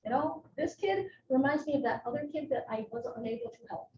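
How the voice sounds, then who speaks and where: A middle-aged woman gives a live educational talk in a chatty, animated way, slipping in personal asides. Her voice sits high and swings widely in pitch. She is picked up from a distance in an echoey room, with a muffled sound and a faint hiss behind her. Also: a little fast. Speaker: psychiatric nurse practitioner, presenter. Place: presentation room.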